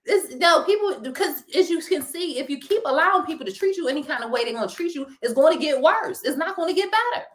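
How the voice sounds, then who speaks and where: Animated ranting woman with a Philly accent. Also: high voice, quick pace, hardly any pauses. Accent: Philadelphia. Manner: animated, preachy, laughs often. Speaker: podcast co-host. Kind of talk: casual ranting chat.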